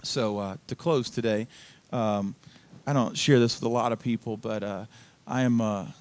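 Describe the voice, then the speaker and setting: A man's voice: fairly low pitch, fairly even intonation, normal speed, darkish tone. A man preaching a sermon as pastor in a church, in a casual, conversational storytelling manner. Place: church sanctuary.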